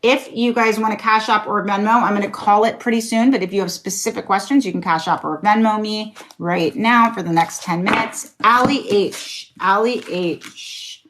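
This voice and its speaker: A woman's voice: medium pitch, normal speed, fairly bright tone. A woman doing casual, encouraging tarot readings on a live stream, swearing now and then. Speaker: tarot reader.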